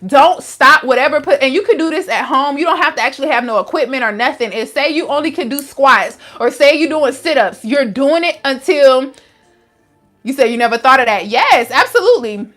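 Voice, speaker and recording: A woman's voice: high voice, expressive, a little fast, fairly bright tone, soft background music. A young adult woman, a wellness coach, talking frankly and casually to viewers with lots of slang. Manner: frank and chatty, with frequent "like" and slang. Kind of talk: casual live-stream talk answering viewers.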